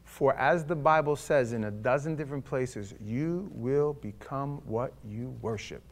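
A man preaching a sermon as pastor, conversational and wry, swinging between loud bursts and hushed asides. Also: mid-range voice, measured pace.

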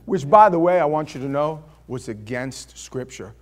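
An older male pastor preaching a sermon, telling stories with rhetorical questions and swinging from loud bursts to hushed, quiet passages. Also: a little high, expressive, moderate pace, slight background noise.

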